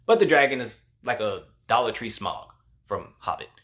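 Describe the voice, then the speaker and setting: A man's voice: fairly low pitch, very animated, normal speed, fairly bright tone. A male host giving a casual spoiler movie review, retelling the plot in a loose, slangy way with lots of "like".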